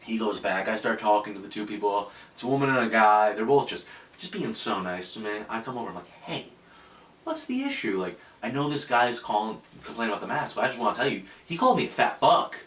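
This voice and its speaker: A man's voice: on the low side, quick pace, a bit bright, distant mic. A man hosting a casual podcast, telling a story with lots of swearing. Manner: profane storytelling. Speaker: podcast host. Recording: echoey room, off-mic.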